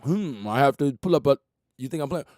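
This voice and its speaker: A man's voice: medium pitch, animated, brisk, darkish tone, dry recording, clean studio sound. A man hosting a talk radio show, delivering an emphatic, profane, preachy monologue. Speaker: host.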